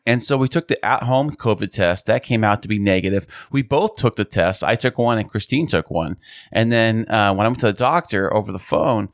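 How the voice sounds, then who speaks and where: Hoarse, stuffy-nosed male podcast co-host, husky, chatty, dry close sound. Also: lowish voice, no room sound. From Southern California. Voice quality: nasal, husky. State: hoarse from illness. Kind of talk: casual chat. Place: home podcast studio.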